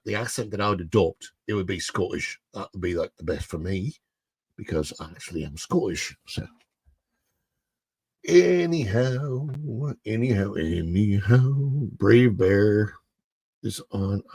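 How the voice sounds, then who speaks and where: A man's voice: fairly low pitch, breathy edge, dry recording. A man hosting a casual livestream, chatting with his viewers and rambling between news stories. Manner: chatty, rambling, reads news aloud to chat. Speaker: livestream host.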